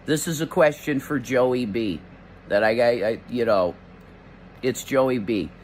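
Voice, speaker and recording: An indignant man rambles and stammers through a rant aimed at the camera. His voice sits at an ordinary middle pitch. A faint hum of ambient noise hangs behind him. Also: a little slow. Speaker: online commentator. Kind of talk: ranting vlog address.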